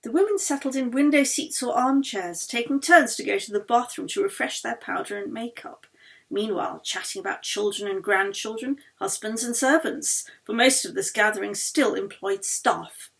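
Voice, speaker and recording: A woman reads her novel aloud in measured, expressive audiobook narration. Her voice sits a little high. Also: vocal fry. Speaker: author reading her novel.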